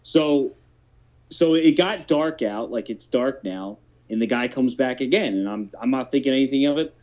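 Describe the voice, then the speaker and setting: A man's voice: medium pitch, lively intonation, moderate pace, a little mellow. A man in his thirties telling a long story in casual chat, rambling and swearing, with many restarts. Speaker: podcast host telling a story. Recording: dull lo-fi podcast audio.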